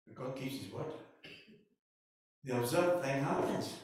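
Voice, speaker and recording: A man preaching a sermon and acting out Bible stories in lively voices. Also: mid-range voice, unhurried, heavy reverb, distant mic. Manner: animated storytelling, acting out Bible characters. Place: church hall.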